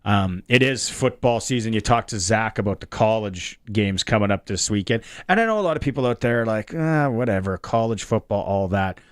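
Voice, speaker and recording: A man hosting sports talk radio in a chatty way, with lots of ums and quick asides. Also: lowish voice, animated, no room sound, clean studio sound. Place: radio studio.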